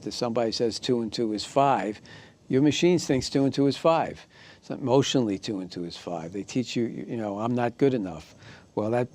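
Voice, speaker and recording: A man teaching a recorded class, walking listeners through steps calmly and checking in with "okay?" and "right?". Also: medium pitch. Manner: calm step-by-step guidance, often checking in with "okay?" and "right?". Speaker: instructor.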